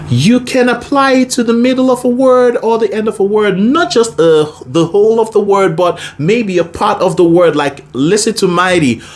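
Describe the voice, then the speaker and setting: A woman's voice: mid-range voice, normal speed, few pauses, darkish tone. Woman, vocal coach, singing lesson, chatty explanations, sung demos. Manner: explains then demonstrates by singing.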